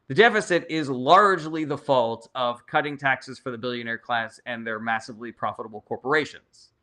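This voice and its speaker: A man's voice: mid-range voice, sharp tone. A young man hosting a casual livestream, reading chat questions aloud and answering them in a blunt, profane, opinionated way.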